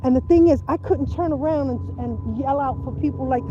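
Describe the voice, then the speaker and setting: High-voiced woman livestreaming outdoors. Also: moderate pace, dull audio, background noise. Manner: animated, repetitive, emphatic. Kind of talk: casual livestream chat. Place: outdoors by a river.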